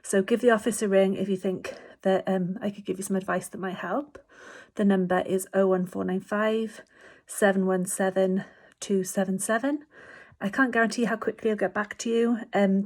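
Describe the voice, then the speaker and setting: A woman, a hospice physiotherapist, gently talking patients through a breathing exercise from home, with many fillers. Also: mid-range voice. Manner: gentle, reassuring, explanatory with frequent fillers. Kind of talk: instructional talk to patients.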